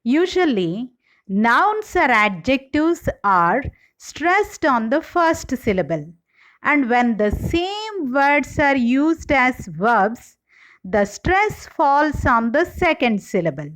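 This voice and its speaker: Slow, lively-pitched woman lecturing. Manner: slow, deliberate, reads example words one by one. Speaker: English lecturer. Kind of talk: slide-based lecture.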